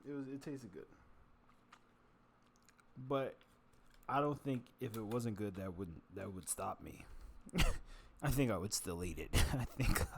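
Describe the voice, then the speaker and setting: A man's voice: fairly low pitch, unhurried, pauses often, a little hiss or hum. A man vlogging while he eats, rambling casually, cursing and poking fun at himself. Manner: self-mocking, profane, chatty.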